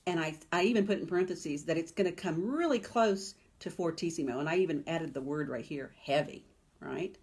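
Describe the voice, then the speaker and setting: Woman, piano teacher, lowish voice, chatty webinar delivery with lots of "okay?" and "right?". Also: brisk, a little mellow, slightly rough. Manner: chatty, emphatic, keeps asking "okay?" and "right?".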